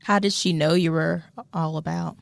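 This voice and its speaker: A woman's voice: low voice, steady tone, normal speed, vocal fry, no room sound, studio quality. A woman hosting a podcast who listens closely and puts in brief questions. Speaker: host. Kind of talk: interviewer.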